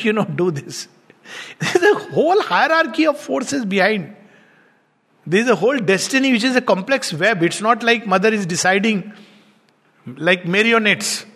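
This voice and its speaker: A man's voice: high-pitched, fairly bright tone. A man gives a reflective spiritual discourse as a teacher, telling stories and laughing often. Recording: long hall reverb.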